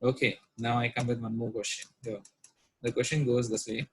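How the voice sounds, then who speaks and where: A man's voice: mid-range voice, level tone, moderate pace, husky, dry recording, rough recording. A man, teaching a recorded math lesson and often asking whether students follow. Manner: repetitive, checks understanding with rhetorical questions. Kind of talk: recorded lecture at a whiteboard.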